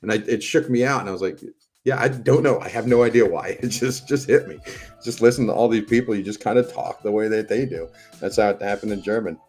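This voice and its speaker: A middle-aged American man hosts a casual livestream, rambling, swearing, and telling stories as he chats with his live audience. He talks fast in a fairly low, darkish voice, with faint music in the background.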